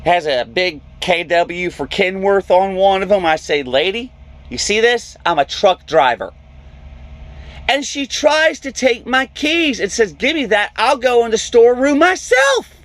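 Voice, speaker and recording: A truck driver tells a story for his vlog, animatedly performing the voices of the people he quotes. His voice sits high and moves a little slowly.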